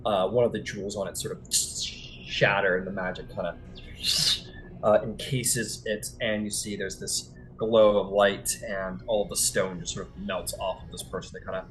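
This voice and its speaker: A man's voice: lowish voice, fairly even intonation, normal speed, slight background noise, rough recording. Casual male game master narrating. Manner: casual, lots of "um" and "like".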